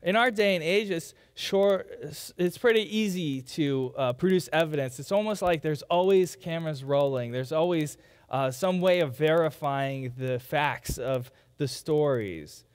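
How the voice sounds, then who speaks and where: A man's voice: on the high side, a little slow, clear, resonant tone, in a large hall. A man preaching a sermon as pastor, in a conversational way, sometimes mimicking doubters. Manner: conversational, quoting skeptics in mock voices. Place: church sanctuary.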